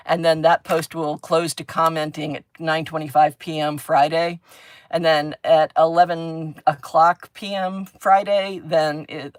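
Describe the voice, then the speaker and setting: A woman's voice: deep voice, dry recording. A woman hosting a crafting livestream, chatting casually as she works, rambling, laughing often and humming little sound effects while she draws.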